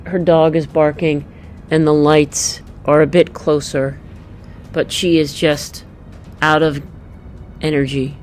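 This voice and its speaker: Woman, deep voice, unhurried; gentle picture-book read-aloud for children. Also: little pitch movement, faint music behind. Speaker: storyteller walking through a picture book.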